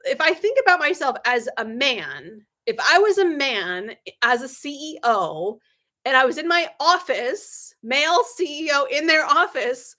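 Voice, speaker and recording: A middle-aged woman business coach hosting a live stream, telling anecdotes with lively acted-out dialogue, frequent ums and sarcastic laughs. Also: unhurried. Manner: animated storyteller, acts out quoted dialogue with big pitch jumps.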